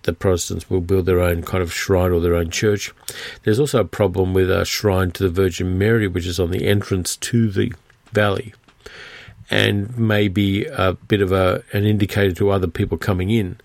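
A man with a very low, gravelly voice hosts a film podcast, talking through a movie in a loose, rambling review. He pauses often with fillers and restarts his sentences. The sound is close and dry. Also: no echo. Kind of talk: casual spoken film review.

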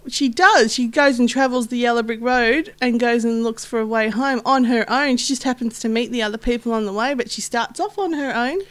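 A woman's voice: a little high, a little fast, few pauses. A woman guest in casual film chat on a podcast, teasing and laughing often.

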